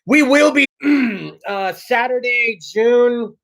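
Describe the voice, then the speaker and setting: A man from South Texas hosting a casual talk show, loud, excitable and profane, often bursting into shouts while plugging sponsors. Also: extremely high pitch, very slow, creaky.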